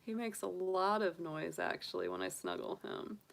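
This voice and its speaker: A woman's voice: fairly low pitch, very animated, moderate pace, vocal fry. A middle-aged woman chatting casually on a livestream and cooing baby talk to her pet rabbit. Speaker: tarot reader and astrologer.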